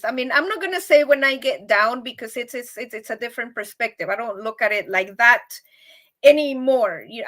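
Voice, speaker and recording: A woman's voice: sits high, a bit bright. A woman hosting a casual live stream, chatting to viewers in a rambling, upbeat way, often repeating words and laughing.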